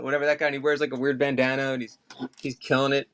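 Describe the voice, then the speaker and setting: A man's voice: mid-range voice, little pitch movement, rapid-fire, fairly bright tone, a little hiss or hum. Rambling, chatty man selling collectibles live. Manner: rambling, chatty, often off topic. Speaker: live-stream collectibles seller. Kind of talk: casual live-stream chat.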